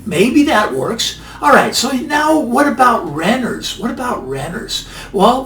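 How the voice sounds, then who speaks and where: A man's voice: sits high, a bit bright, a little hiss or hum. Middle-aged male host, emphatic and repetitive, echoey room, faint background ambience. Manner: emphatic, repeats phrases for effect. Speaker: finance channel host. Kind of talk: casual monologue commentary. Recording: roomy, mic a bit distant, faint ambience.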